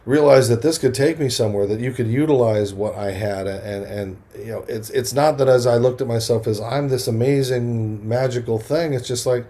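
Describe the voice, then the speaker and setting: Energetic middle-aged man telling stories. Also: medium pitch, normal speed, hardly any pauses. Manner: energetic storyteller who acts out quoted voices, restarts often. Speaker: podcast guest, motivational speaker. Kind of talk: animated storytelling interview.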